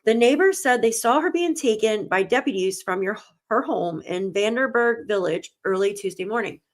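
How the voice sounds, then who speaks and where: Woman host of a true crime live stream, mid-pitched, reads news aloud, near tears. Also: animated, moderate pace. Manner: greets chat viewers by name, reads articles aloud, tearful. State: close to tears.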